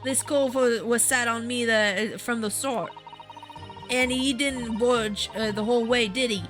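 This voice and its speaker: A woman's voice: fairly high pitch, fairly even intonation, measured pace, fairly bright tone, faint music behind. Woman putting on a cheeky cockney street girl. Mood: defensive. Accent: put-on Cockney, drifting toward Southern US. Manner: slangy, cheeky, rough grammar. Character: scrappy young cockney street urchin girl. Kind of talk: reading game dialogue aloud.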